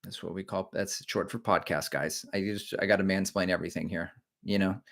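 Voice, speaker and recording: A man's voice: deep voice, fairly even intonation, a little fast, vocal fry, a bit bright. Joking middle-aged man on a live stream. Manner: joking, rambling, reads viewer comments aloud. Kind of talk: casual live-stream chat.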